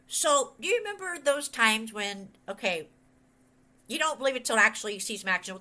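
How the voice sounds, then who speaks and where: A middle-aged woman giving a conversational sermon as a pastor and author, telling a rambling childhood story and acting out what other people said. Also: fairly high pitch. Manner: rambling, animated, quotes others in voices.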